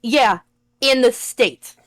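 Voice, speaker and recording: A woman in casual group chat on a voice call, playful and quick to giggle. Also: a little high, no echo. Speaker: stream co-host.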